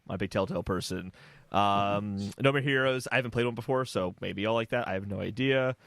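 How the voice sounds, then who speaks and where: A man's voice: on the low side, vocal fry, fairly bright tone, dry recording. A man co-hosting a gaming podcast, talking casually with many ums and restarts. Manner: quick, hesitant, many fillers. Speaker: podcast co-host. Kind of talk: casual chat.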